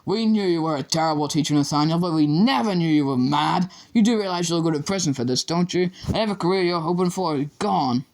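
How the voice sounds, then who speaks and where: A brave male teacher, read by a man, facing danger with a calm, steady voice. He speaks firmly and evenly in this audiobook scene. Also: a little high, fast talker, few pauses, pitched above the performer's own voice, lightly acted.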